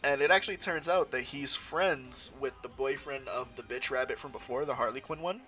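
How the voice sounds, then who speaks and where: A young man co-hosting a casual podcast, relaxed and laughing, with crude jokes. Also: medium pitch, fairly quick. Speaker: podcast co-host. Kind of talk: casual chat.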